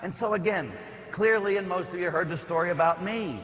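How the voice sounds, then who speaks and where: A man's voice: high voice, fairly quick, fairly bright tone, faint music behind. A man, a parish priest, giving a homily as conversational storytelling with rhetorical questions and asides. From Pittsburgh area. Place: church. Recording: echoey church hall, faint ambience.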